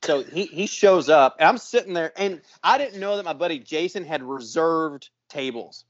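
A man with a slightly raised voice co-hosts a casual podcast. He tells a long, lively story and swears freely all the way through. The recording sounds dull and lo-fi. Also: fairly high pitch, moderate pace. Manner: profane, animated storyteller. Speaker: podcast co-host.

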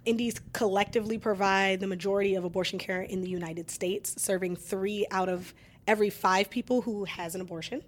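A woman's voice: medium pitch, fairly even intonation, a little fast. A woman guest in a conversational interview, informative and upbeat, explaining her job in long runs. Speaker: guest from independent abortion clinics.

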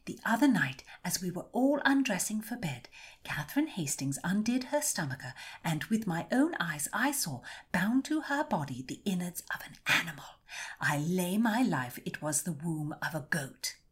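A woman voicing a gossipy young court lady who talks in an eager, hushed way. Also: mid-range voice, sing-song, normal speed, husky, pitched above the performer's own voice.

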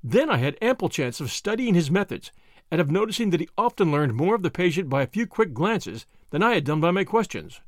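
A man narrating memoir recollections aloud in an animated, expressive storytelling manner. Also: a little high, dry recording, studio quality.

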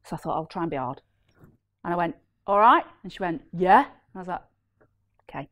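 A woman tells a story in a casual panel chat, animated and laughing as she acts out the people in it. Her voice sits fairly low for a woman. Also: fast. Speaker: property deal packager.

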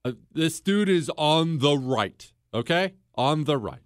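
Male talk host, slightly high voice, emphatic storyteller, dry close recording. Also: expressive, unhurried, no echo. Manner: storytelling, mimics others in quotes, emphatic repetition. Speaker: podcast host. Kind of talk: opinionated monologue.

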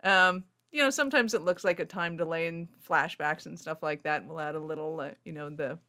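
A woman hosting a casual interview, an animated, giggly storyteller. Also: low voice, brisk. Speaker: interview host.

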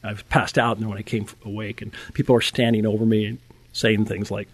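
Gravelly older man telling a story. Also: on the low side, fast, dry recording. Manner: animated storyteller who chuckles and restarts words. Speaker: guest telling his testimony. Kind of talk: conversational storytelling.

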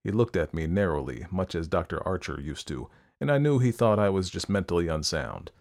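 A man narrating a first-person audiobook at a measured pace. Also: low voice, sing-song, creaky, darkish tone.

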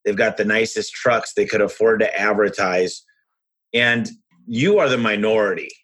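A husky man with a low voice hosts a podcast with casual, rambling stories. His tone is forceful and bright, and his manner is energetic and frank. He talks like a business owner chatting freely. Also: moderate pace. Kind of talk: casual conversational storytelling.

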